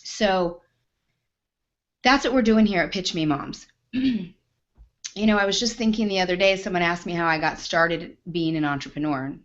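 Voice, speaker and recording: Animated woman host telling a story. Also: lowish voice, normal speed, pauses often, highs cut off. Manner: emphatic, animated, swears mildly for emphasis. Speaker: business coach and show host. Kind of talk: personal storytelling to camera.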